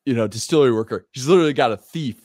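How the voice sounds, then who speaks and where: Thirties guy spinning an animated anecdote, mid-pitched, close dry mic. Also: very fast, no room sound. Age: 30s. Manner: animated, lively storyteller who acts out other people's lines and laughs often. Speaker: whiskey brand founder, podcast guest. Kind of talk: casual storytelling on a podcast.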